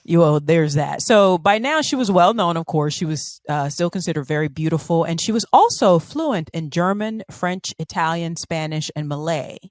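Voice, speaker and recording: A woman co-hosts a chatty podcast, telling a story with lots of laughs and quick put-on voices for the people she quotes. Her voice sits on the low side and swings widely in pitch. The sound is dry and close. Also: animated, no echo. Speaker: podcast co-host. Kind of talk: casual chat.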